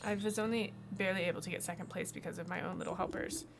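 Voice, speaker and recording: A hefty, gourd-headed male farmer grumbles in a put-on German accent, as a woman voices him. His voice is gravelly and gruff, with a complaining country drawl. Game music plays loudly underneath. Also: on the low side, steady tone, quick pace. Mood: grumbling. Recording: game music playing behind.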